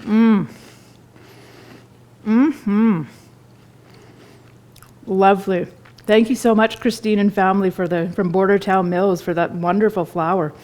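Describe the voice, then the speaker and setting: A woman's voice: medium pitch, fairly even intonation, slow pace, pauses often, a little mellow. Chatty woman chef tasting food. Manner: chatty and enthusiastic, talks while tasting food. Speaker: chef doing a cooking demonstration. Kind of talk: live cooking demonstration. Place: store kitchen.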